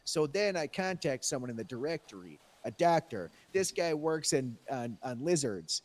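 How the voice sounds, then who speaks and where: A man's voice: fairly high pitch, big pitch swings, normal speed. A man telling a rambling, profane tall tale in character during a role-play game. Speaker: role-playing police character.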